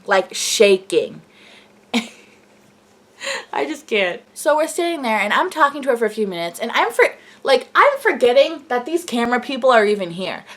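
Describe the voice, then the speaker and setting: Gushing young woman vlogger, high voice. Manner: gushing, breathless, full of "like" fillers. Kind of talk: excited storytelling vlog.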